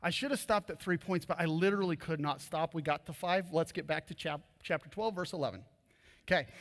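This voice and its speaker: Male pastor, high voice, lively jokey sermon delivery, long church hall reverb. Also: fairly quick. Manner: animated, jokey storytelling preacher. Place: church auditorium.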